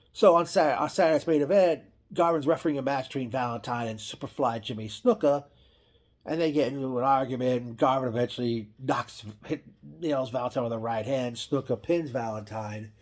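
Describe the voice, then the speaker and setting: A man casually recapping an old wrestling event, rambling with frequent restarts and self-corrections. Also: medium pitch.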